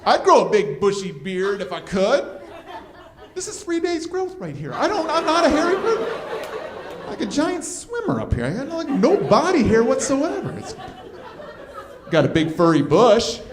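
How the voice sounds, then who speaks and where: A man's voice: very high voice, huge pitch swings, normal speed. A man in his fifties doing a crude, self-deprecating stand-up comedy set on a club stage. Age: 50s. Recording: live club recording, roomy with crowd laughter.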